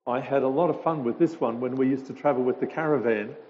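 A man's voice: mid-range voice, quick pace. Man talking in a reverberant church hall. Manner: chatty storytelling with hesitations. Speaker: visiting speaker. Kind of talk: informal talk to a congregation. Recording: dull lo-fi sound with a long hall reverb.

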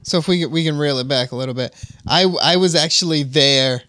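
A young man in casual podcast chat, relaxed and chatty, swearing freely. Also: fairly high pitch, fairly quick, dry recording, studio quality.

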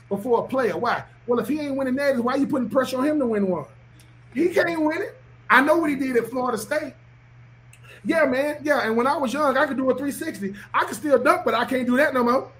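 A man's voice: very high-pitched, brisk, fairly bright tone. A man, a former football player talking on a podcast in an emphatic, preachy way, often repeating himself. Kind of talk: animated podcast talk.

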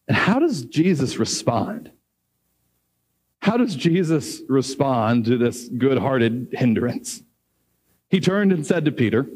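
A middle-aged man preaching a sermon, animated, acting out dialogue and rising high when excited. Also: measured pace.

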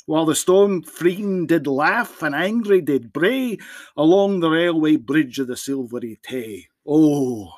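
A priest guesting on a podcast, reciting a poem theatrically in a put-on Scottish dialect. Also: male voice, fairly high pitch, lively intonation, slow pace, no echo. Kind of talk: dramatic poem reading.

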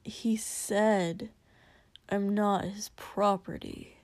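A woman voicing a drunk young prince who mutters in a low, slurred voice. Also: fairly even intonation, extremely slow, a little mellow, no room sound. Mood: protesting. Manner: low muttering, some lines whispered. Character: young drunk male prince, quiet and stubborn.

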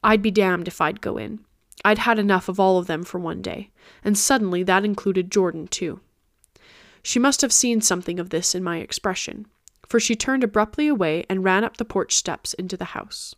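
A woman podcast host narrating a classic novel in a steady audiobook reading. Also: mid-range voice, moderate pace, no echo, clean studio sound.

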